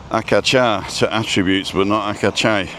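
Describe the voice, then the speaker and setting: Out on a street, a man hosts a casual live stream from his phone, rambling and chatting and pausing to read comments from viewers. His voice is low but fairly bright in tone, over a faint traffic hum.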